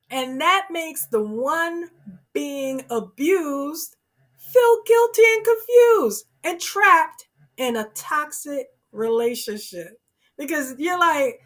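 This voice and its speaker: A woman's voice: extremely high pitch, pushed and bright. A woman giving earnest, emphatic relationship advice straight to her viewers, often saying "you know" and "oh my goodness.". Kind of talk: earnest advice talk to camera.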